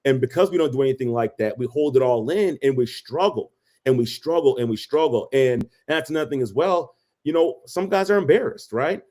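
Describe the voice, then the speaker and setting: A man's voice: medium pitch, a little fast, darkish tone. A man co-hosting a podcast, giving advice in an emphatic, preachy way and repeating phrases for emphasis. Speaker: podcast co-host. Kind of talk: casual advice conversation.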